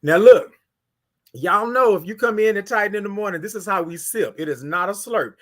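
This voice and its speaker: A Houston man with a Texan accent and a voice that sits high hosts a live-streamed morning talk show, speaking a little fast. He's animated and preachy, running call-and-response with his audience and giving chat shoutouts, greeting viewers by name.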